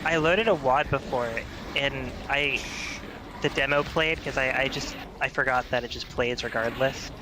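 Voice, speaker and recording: Male guest, mid-pitch, teasing, background noise on his line. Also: normal speed. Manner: teasing, talkative. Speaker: stream guest. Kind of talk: casual gaming chat.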